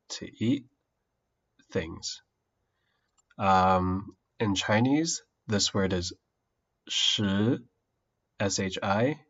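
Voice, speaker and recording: A man casually streaming his study session, thinking aloud slowly with many pauses and fillers. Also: deep voice, fairly bright tone, lo-fi sound.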